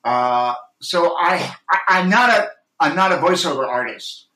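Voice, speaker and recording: A man speaks with intense earnestness, fumbling and restarting as he reflects on his craft. His voice is bright and forceful and sits a little high. The room around him is noticeably echoey. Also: lively intonation, unhurried. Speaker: actor and audiobook narrator, guest. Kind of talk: reflective interview talk.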